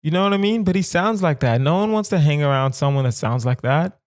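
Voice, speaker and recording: A man in his thirties from the southern United States, hosting a solo comedy podcast in a rambling, animated way and putting rhetorical questions to his listeners. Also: fairly high pitch, brisk. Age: 30s. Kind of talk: casual solo podcast musing.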